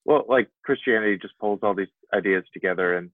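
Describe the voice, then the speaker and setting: Podcast guy, lowish voice, rambly casual chat, sounds like a thin phone line. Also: fast, dry recording. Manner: rambling, filler-heavy, laughs often. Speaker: podcast co-host.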